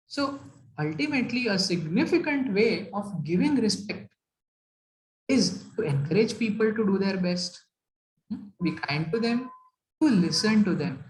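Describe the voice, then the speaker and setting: A woman's voice: medium pitch, slight background noise. A woman giving a talk on workplace etiquette, emphatic and asking the audience rhetorical questions. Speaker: corporate etiquette speaker. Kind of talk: motivational talk. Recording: roomy hall echo.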